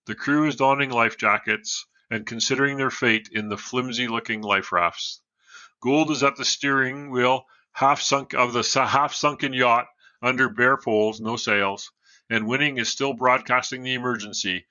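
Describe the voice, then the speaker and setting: A man's voice: mid-range voice, fairly even intonation, moderate pace, sharp tone, dry recording, highs cut off. A man telling a true story as a podcast guest, reading from notes and adding casual asides.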